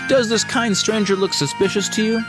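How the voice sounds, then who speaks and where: A man's voice: sits high, steady tone, brisk, over music, pitched above the performer's own voice, lightly acted. Man reading a polite young noblewoman. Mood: earnest, polite. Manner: courteous, earnest, scolding gently. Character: polite earnest young female noble companion.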